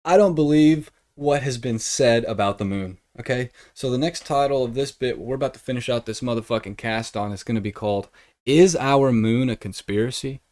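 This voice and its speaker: A young man hosts a casual podcast in an ordinary, middle-pitched voice. He rambles and jokes, swearing freely as he talks. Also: normal speed, a little mellow. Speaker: podcast host.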